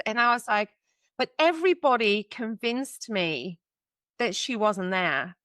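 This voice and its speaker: A woman's voice: medium pitch, animated, measured pace, a bit bright, no room sound, studio quality. A woman in her thirties, a podcast guest, telling a personal story in a candid, chatty way with lots of fillers. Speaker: guest, psychic medium and mentor.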